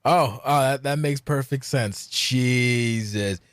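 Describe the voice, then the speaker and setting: A man's voice: mid-range voice, slow pace, a bit bright, clear, resonant tone, no echo, clean studio sound. Jokey man hosting a podcast. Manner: jokey, laughing, loose. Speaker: podcast host. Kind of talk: casual chat interview.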